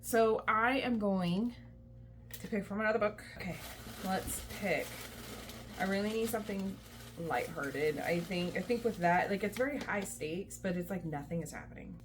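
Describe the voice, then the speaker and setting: A woman's voice: mid-range voice, normal speed, a little hiss or hum. A young adult woman, a mom and book vlogger, chatting casually with lots of likes and ums. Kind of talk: casual vlog chat.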